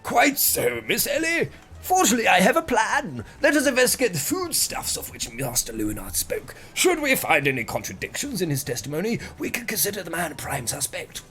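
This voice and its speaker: A grandiose, excitable gentleman inspector, as a man puts him on. His voice leaps high and sweeps wildly through exclamations, all theatrical flourish over soft game music. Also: a little fast, heavily acted. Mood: rallying.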